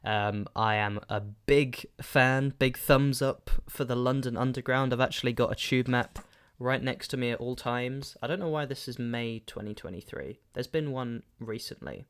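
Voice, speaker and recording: A man's voice: mid-range voice, normal speed, a bit bright, clear, resonant tone. A young man hosting a podcast on his own, chatting casually and rambling, often trailing off mid-thought in a self-deprecating way. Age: young adult. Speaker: solo podcast host. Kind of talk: casual solo podcast chat.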